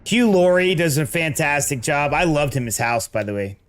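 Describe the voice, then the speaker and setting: A man's voice: on the high side, animated, moderate pace. A man chatting casually on a gaming livestream, rambling and restarting his words while he plays. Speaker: streamer.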